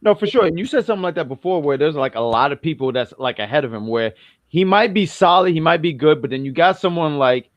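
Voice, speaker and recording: A man's voice: on the high side, animated, fast talker, no room sound, lo-fi sound. A man from New York co-hosting a casual wrestling review podcast, rambling and self-correcting as he jokes around.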